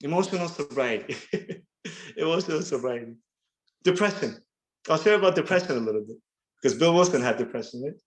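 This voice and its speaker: A man in his thirties sharing his recovery story at a workshop, earnest and halting, often repeating words as he restarts. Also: fairly high pitch, lively intonation, low-quality recording. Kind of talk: personal recovery share.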